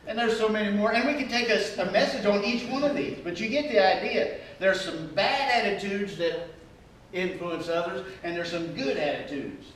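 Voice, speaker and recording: A male pastor preaching a sermon, animated and humorous, acting out the attitudes he describes. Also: sits high, normal speed, slight background noise. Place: church sanctuary. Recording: echoey church hall from far off.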